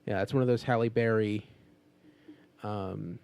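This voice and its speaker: A man's voice: lowish voice, steady tone, a little slow, vocal fry, a little mellow, smooth. A man co-hosting a podcast, chatting casually about movie news with many fillers and restarts. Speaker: podcast co-host.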